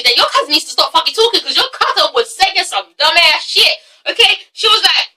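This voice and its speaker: A woman's voice: very high voice, big pitch swings, a little fast, hardly any pauses, pushed and bright, far from the mic, poor audio. A young woman with an English accent giving a blunt, sassy review, swearing freely and tagging "okay?" onto her points. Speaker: vlogger reviewing a reality show. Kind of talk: casual sassy commentary.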